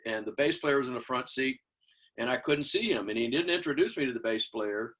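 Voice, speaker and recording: This guest, an older drummer hailing from Houston, Texas, has a brisk, slightly rough mid-range voice. Throughout the interview he tells lively stories, voicing quotes and vocalizing drum beats in scat.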